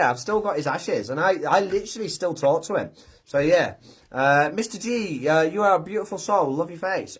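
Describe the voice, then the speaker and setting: A man hosting a live chat, talking gently and from the heart with many pauses and restarts. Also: fairly high pitch, lively intonation, slightly rough. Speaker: live stream host. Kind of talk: casual live chat, reading viewer comments.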